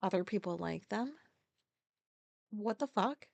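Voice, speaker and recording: A woman's voice: mid-range voice, animated, a little slow, creaky, a little mellow, no room sound. A woman hosting a podcast, speaking as a casual solo monologue with profane, exasperated ranting. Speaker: podcast host.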